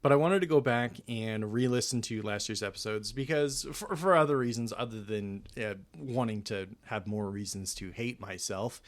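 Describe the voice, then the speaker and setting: A man's voice: fairly low pitch, moderate pace. A young man hosting a casual podcast, rambling and self-deprecating, often laughing at himself. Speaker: podcast host. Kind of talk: casual chat.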